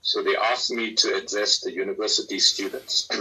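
A man's voice: fairly low pitch, steady tone, moderate pace, sharp tone, husky, low-quality recording. A man, an Islamic scholar answering questions in an earnest, exhorting manner that rises emphatically. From South Africa. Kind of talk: preaching, lively religious talk.

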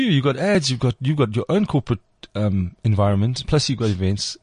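A man's voice: medium pitch, a little fast, hardly any pauses, a little mellow, no room sound. A man with a Cape Town South African accent, hosting a podcast in casual chat, laughing often and slipping into put-on voices. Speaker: podcast host.

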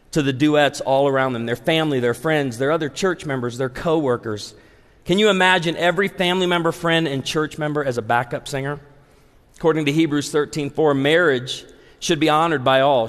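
Before a live audience, a pastor in his forties gives a humorous sermon driven by stories, animatedly acting out the dialogue. His voice runs a little high, and a long hall reverb surrounds it.

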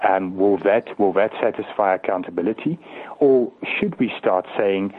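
A man's voice: on the low side, normal speed. A man in his thirties from South Africa, a politician arguing his point earnestly on a radio call, repeating words as he goes. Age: 30s. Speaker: politician, guest. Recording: tinny phone line.

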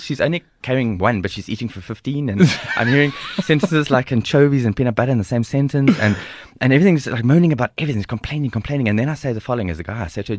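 A middle-aged South African man with a South African accent, a guest telling stories in an interview in an animated, humorous way. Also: mid-range voice, rapid-fire, hardly any pauses, no room sound, clean studio sound. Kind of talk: storytelling interview.

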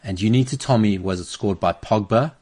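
A man's voice: on the low side, fairly quick, a little mellow, breathy edge. A South African man who is standing in as host, chatting casually and playfully, joking and laughing a lot on a studio mic. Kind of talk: casual chat. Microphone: studio microphone.

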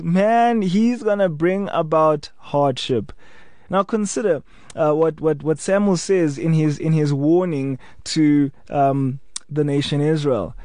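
A man's voice: sits high, a little mellow, dry recording. A man with a South African accent, a pastor preaching a sermon with emphatic, repeated phrases.

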